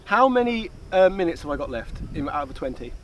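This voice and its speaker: A man hosting a casual Q&A, chatty and jokey, with quick asides. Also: on the high side, very animated, slight background noise, low-quality recording. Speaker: YouTube host. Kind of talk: casual Q&A chat. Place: outdoor location, light background noise.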